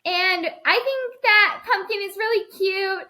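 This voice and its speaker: Bubbly high sing-song young woman, put on by a woman teasing her twin; gushing, filler-heavy. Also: a little slow, bright, forceful tone, full character voice.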